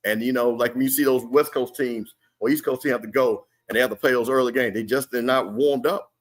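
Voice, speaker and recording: Speaking a little fast in a steady, medium-pitched tone, this watch party stream host chats through a live game. He reads viewer comments and keeps his sports commentary relaxed and full of slang.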